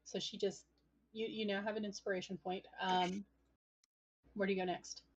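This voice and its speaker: A woman's voice: medium pitch, level tone, normal speed, rough recording. A woman narrating as game master of a tabletop game, speaking in a descriptive, hesitant way with frequent fillers.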